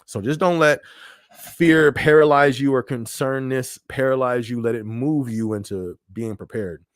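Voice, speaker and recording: A man hosts a casual live-stream podcast in a medium-pitched voice at normal speed, recorded with clean studio sound and no room sound. He talks loosely and conversationally, repeating phrases and frequently checking in with "you know what I mean."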